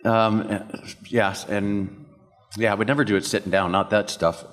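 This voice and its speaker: An older man from Canada, guest voice actor at a convention, wanders through anecdotes during a panel Q&A and laughs along with them. His voice is on the low side with a steady tone, fairly bright, and a little slow. The convention hall is reverberant.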